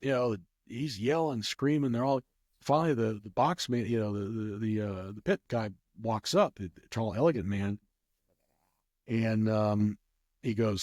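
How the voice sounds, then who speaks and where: A man's voice: fairly low pitch, a little slow, a little mellow, no room sound, clean studio sound. A man telling a rambling casual story as an interview guest, with many restarts. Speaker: guest, craps player.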